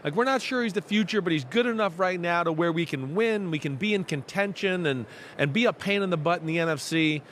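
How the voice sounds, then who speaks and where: A man from New Jersey co-hosting a casual sports talk show, talking in a halting way with many fillers and restarts. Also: high-pitched, a bit bright, a little hiss or hum.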